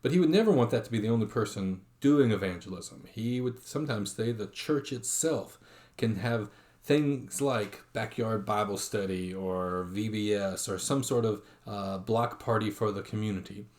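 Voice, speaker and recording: A man's voice: fairly low pitch, normal speed, darkish tone. A man giving an online lecture, reading quotations aloud with frequent fillers and restarts.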